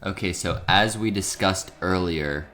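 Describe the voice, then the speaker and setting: A man's voice: low-pitched, a little slow, a bit bright, soft background music. A young man co-hosting a podcast, chatting casually and joking, rambling and laughing as he goes. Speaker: podcast co-host. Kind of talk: casual comedic podcast chat.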